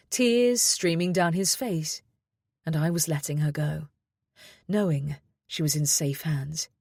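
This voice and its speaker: A woman with a low voice reads a novel aloud in the first person. The sound is dry and close, with no room echo. Her delivery is measured and steady. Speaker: audiobook narrator. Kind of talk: scripted first-person narration.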